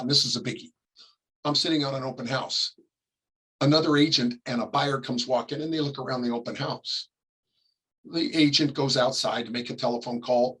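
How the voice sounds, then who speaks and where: A middle-aged man from California teaching a class, talking casually and acting out quick examples, often coughing and clearing his throat. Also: medium pitch, fairly bright tone, low-quality recording. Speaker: real estate ethics instructor. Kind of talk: classroom lecture.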